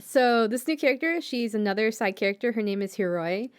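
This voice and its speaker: A woman's voice: on the high side, lively intonation, a little fast, clear, resonant tone. Chatty woman podcast co-host. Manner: chatty, filler-heavy, giggly. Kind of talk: casual anime recap.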